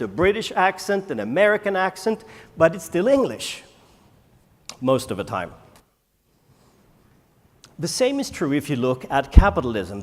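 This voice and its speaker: A man, a native Swedish speaker, giving a conference keynote and firing rhetorical questions at the audience with dramatic pauses. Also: a little high. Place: large conference hall. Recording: echoey conference hall.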